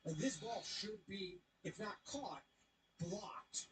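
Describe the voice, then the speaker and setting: A man casually recapping baseball highlights, joking and voicing the players as he goes. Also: slow, slight background noise. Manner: animated, jokey, voices the players.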